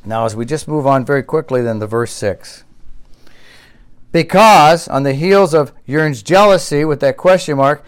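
A male pastor preaching a sermon, who repeats key phrases for emphasis and swings between loud, emphatic exclamations and quiet, reflective asides. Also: medium pitch, moderate pace, few pauses, smooth.

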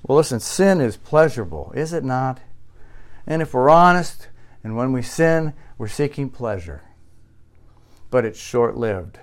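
Expressive and unhurried, a male pastor with a medium pitch pauses often as he preaches. He shifts between emphatic, loud exclamations and quiet reflection, repeating key phrases to drive points home.

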